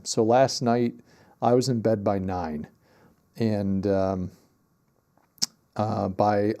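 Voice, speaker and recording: A man's voice: lowish voice, dark tone. A man in his fifties hosting a livestream, chatting casually and thinking aloud in a reflective, rambling way from his home office. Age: 50s. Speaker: livestream host.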